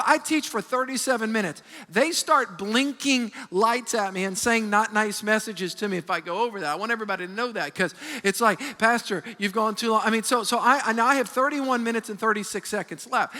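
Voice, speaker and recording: Pastor man preaching, bright voice, lots of restarts, big echoey church hall. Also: high-pitched, moderate pace. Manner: animated, emphatic, with frequent restarts. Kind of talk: sermon. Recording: long hall reverb.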